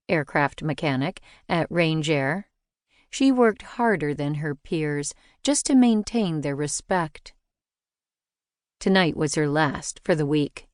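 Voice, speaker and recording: A woman narrating a mystery novel in a measured, even storytelling delivery. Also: sits low, dry recording, clean studio sound. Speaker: audiobook narrator. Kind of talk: scripted narration.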